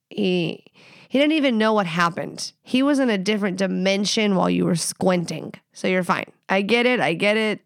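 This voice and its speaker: A woman's voice: medium pitch, gravelly, clean tone, no echo, studio quality. Blunt, profane woman podcast host. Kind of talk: casual sex advice podcast.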